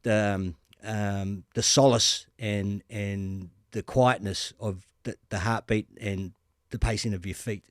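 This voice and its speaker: Brief: Australian podcast host, lowish voice, blunt, jokey, salty language, dry close sound. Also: male voice, fairly even intonation, slow, no room sound. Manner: blunt, joking, swears freely. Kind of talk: casual conversation.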